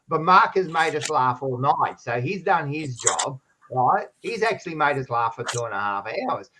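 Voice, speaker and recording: A man's voice: a little high, expressive, moderate pace, hardly any pauses, pushed and bright, slight background noise. A man co-hosting a football podcast, rambling, teasing and swearing freely in casual banter. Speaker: podcast co-host.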